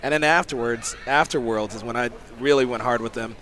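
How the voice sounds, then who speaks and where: A man, a sumo coach, giving casual sports commentary, excitable and often laughing while telling rambling stories. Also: mid-range voice, fairly quick, a little hiss or hum. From United States.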